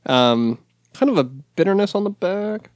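A man's voice: sits high, lively intonation, unhurried, no echo, clean studio sound. A man co-hosting a casual beer tasting podcast, rambling and stumbling over words with a lot of laughter. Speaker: podcast co-host.

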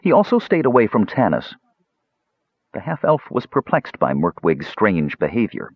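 A man reading a fantasy novel aloud as an audiobook narrator, with expressive storytelling. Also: lowish voice, moderate pace, slightly rough, no echo, dull audio.

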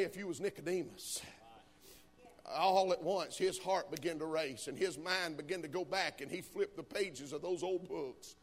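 A man preaching a sermon, moving between calm storytelling and loud, fervent climaxes. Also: high voice.

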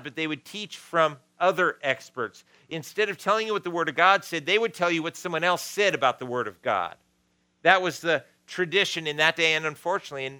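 A man's voice: a little high, sharp tone, smooth, no room sound. A man preaching a sermon as pastor, conversational, with frequent restarts and asides.

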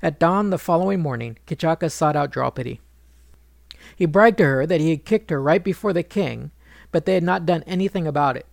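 A man narrating a retelling of an ancient epic in a measured, wry manner. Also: fairly high pitch, gravelly, no room sound, studio quality. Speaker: storyteller.

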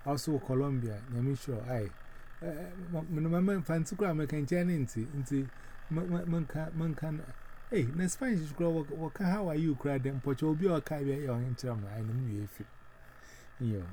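A man's voice: on the high side, moderate pace, dark tone, a little hiss or hum, poor audio. A man hosting a devotional, leading a prayer and giving solemn encouragement, switching between English and Twi. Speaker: devotional radio host.

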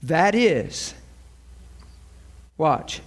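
A man preaching a sermon, animated and emotional, acting out scripture scenes and breaking into laughter. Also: on the high side, drawn-out words.

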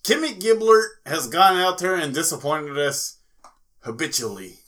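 A man co-hosting a fight podcast, ranting and swearing through profane casual chat. His voice sits high and sounds bright and sharp. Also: lively intonation, normal speed. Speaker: podcast co-host.

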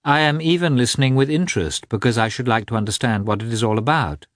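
Man voicing a mocking aristocratic woman, raised pitch, feigned surprise, dry close sound. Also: fast talker, dry recording, close to an everyday voice.

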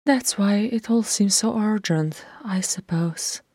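A woman reader voicing a reserved young singer who speaks quietly and guardedly in a fan-read audiobook. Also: medium pitch, slow pace, no room sound, clean studio sound, voice pushed up. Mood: wistful.

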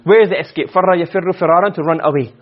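A man teaching Arabic grammar to a class, asking questions and answering them himself, and reciting verses slowly. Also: high voice, lo-fi sound. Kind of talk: classroom lecture.

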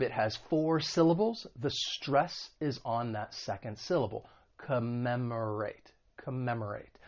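A man teaching an English lesson, patiently explaining word meanings and modeling pronunciation slowly and clearly. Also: medium pitch. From United States. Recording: dull lo-fi recording.

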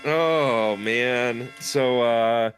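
A man's voice: medium pitch, very slow, a bit bright, soft background music. A man co-hosting a podcast in a crude, joking chat, swearing freely and laughing often. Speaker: podcast co-host.

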